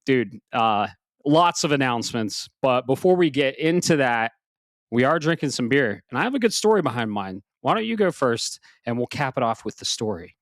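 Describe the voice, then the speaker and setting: A man hosting a casual video game podcast, a little out of breath, talking in an animated, swearing, self-mocking way. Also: medium pitch, dry recording, clean studio sound. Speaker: podcast host. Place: home office upstairs.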